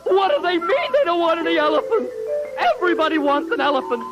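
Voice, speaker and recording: A man's voice: very high voice, lively intonation, fast talker, dull audio, over loud music. A man voicing a whiny, self-pitying young male elephant in a 1950s cartoon, pleading and dramatic. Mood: indignant. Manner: dramatic, pleading, tantrum-prone.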